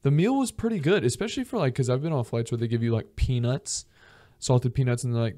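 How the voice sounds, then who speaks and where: Male podcast guest, mellow low-bright tone, profane rambling storyteller, dry close sound. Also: lively intonation, quick pace, no room sound. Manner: profane, rambling, acts out voices in his stories. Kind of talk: casual storytelling.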